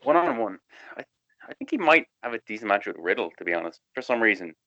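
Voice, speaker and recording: Fast-talking man, lively and sweary. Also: fairly low pitch, creaky, dull audio. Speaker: podcast co-host. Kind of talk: casual wrestling chat.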